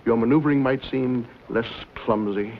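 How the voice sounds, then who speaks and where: A man's voice: mid-range voice, normal speed, natural voice. A suave villain, played by a man, in an old TV western, silky and formal as he delivers his threats. The sound is dull, with faint hiss. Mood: smooth menace. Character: smooth scheming male villain, menacing behind polite manners. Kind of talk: 1950s TV western drama.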